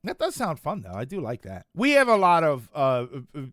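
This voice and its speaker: Casual male streamer, higher-pitched, meandering and self-correcting delivery, dry close mic. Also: wildly swooping pitch, normal speed, a bit bright, dry recording. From United States. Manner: rambling, self-correcting, chuckling asides. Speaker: streamer chatting with viewers. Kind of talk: casual chat reading chat comments.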